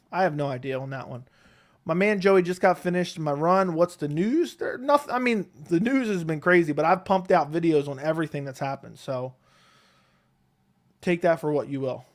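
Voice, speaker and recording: A man hosts a casual live stream from home, seated close to his desk microphone. He answers viewers' questions one by one in a relaxed, rambling way. His voice sits a bit higher than most men's. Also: moderate pace. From Connecticut, USA. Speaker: MMA YouTube host reading live chat.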